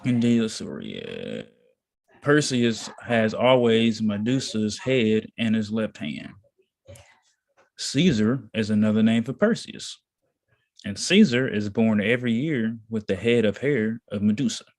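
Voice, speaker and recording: Slow, deliberate man reading aloud. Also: fairly low pitch, animated, gravelly, a little mellow. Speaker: reader in a study session.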